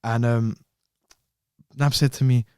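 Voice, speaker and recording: A young man, a podcast guest telling animated stories in slang, often repeating himself. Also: medium pitch, slow, clean tone, no room sound, studio quality. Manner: animated storyteller, heavy slang, repeats words. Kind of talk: casual chat.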